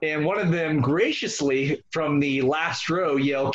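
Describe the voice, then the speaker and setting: A man telling wrestling stories as a podcast guest, animated and often breaking into laughter. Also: a little high, measured pace, muffled recording. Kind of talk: casual storytelling.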